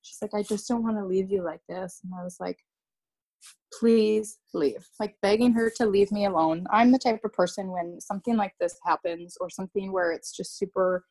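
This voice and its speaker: A young woman, a podcast guest, recounting a painful personal story in a halting way, often repeating herself and restarting sentences. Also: mid-range voice, steady tone, a little mellow.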